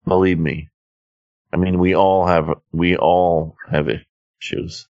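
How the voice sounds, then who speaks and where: A man's voice: deep voice, level tone, slow, a little mellow, no echo, dull audio. A man co-hosting a podcast, rambling in crude, profane casual chat. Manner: profane, rambling, laid-back. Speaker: podcast co-host.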